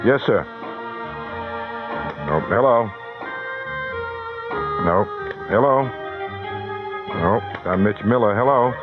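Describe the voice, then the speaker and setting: A man runs a radio call-in contest, fielding caller after caller with brisk, wisecracking patter. His voice sits on the low side. The sound is thin and narrowband like an old radio broadcast, with music playing clearly beneath him. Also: lively intonation. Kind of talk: live radio call-in banter.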